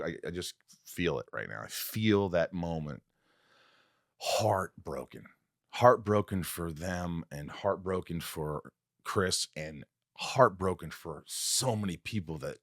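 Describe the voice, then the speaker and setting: Man, podcast host, animated storyteller, low voice, dry close recording. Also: no echo. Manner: animated, acts out quotes with big pitch swings. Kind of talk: emotional storytelling in casual conversation.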